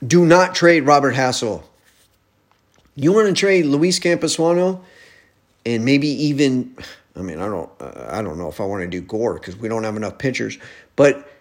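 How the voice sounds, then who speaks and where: Fired-up man ranting about baseball. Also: fairly high pitch. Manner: profane, animated, argues with imagined critics. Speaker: sports podcaster. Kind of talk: casual sports rant.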